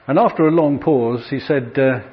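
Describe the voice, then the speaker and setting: A middle-aged man tells stories from his working life to an audience. He speaks in a chatty, self-deprecating way with plenty of ums and uhs, at an ordinary pitch for a man. The recording sounds slightly dull and lo-fi. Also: moderate pace. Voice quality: chatty, self-deprecating humour with frequent fillers. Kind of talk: anecdotal talk to an audience.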